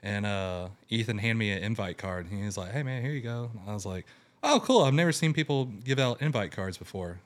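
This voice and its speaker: Animated young man telling his story. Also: lowish voice, brisk, few pauses. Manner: animated, acts out quotes in raised voice. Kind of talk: casual storytelling.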